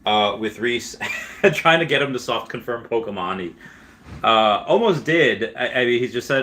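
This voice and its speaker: A man's voice: mid-range voice, expressive, moderate pace, sharp tone. A man hosting a casual vlog, rambling with many fillers and restarts and frequent chuckles. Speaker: gaming and crypto video host.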